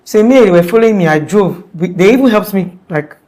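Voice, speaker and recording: A woman's voice: mid-range voice, expressive, rapid-fire, mellow. A young Nigerian woman giving a rambling, conversational interview account, full of "like" fillers and restarts. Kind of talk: casual spoken account.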